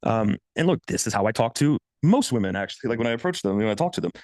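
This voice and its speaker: Guy in his 30s coaching, swears a lot, slightly low voice, fast and swingy. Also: dry recording. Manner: blunt, profane, animated, swings pitch for quoted voices. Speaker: dating coach. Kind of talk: casual coaching monologue.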